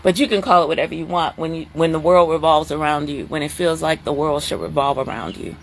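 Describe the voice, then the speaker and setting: Middle-aged lady chatting on a live stream, loose and animated, jumps way up high when she's surprised. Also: a little fast, slight background noise. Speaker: host talking to live viewers. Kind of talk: casual live-stream talk.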